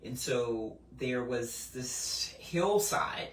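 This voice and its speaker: A woman giving a conversational Bible teaching, animated and full of restarts as she works through a passage. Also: a bass voice, very slow. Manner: animated, acts out quoted voices, frequent restarts. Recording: roomy, mic at a distance.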